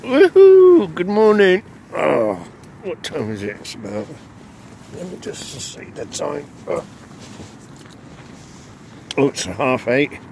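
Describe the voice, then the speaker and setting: A man's voice: mid-range voice, animated, slow, vocal fry, pauses often. A man chats casually to his camera from inside a tent. He rambles and chuckles between thoughts, and faint wind and traffic noise sit behind his voice. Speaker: wild camping vlogger.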